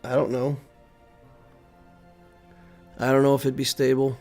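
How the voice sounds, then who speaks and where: A man's voice: medium pitch, monotone, unhurried, darkish tone, soft background music. A man streaming a video game, commenting live and thinking aloud as he plays, often muttering to himself.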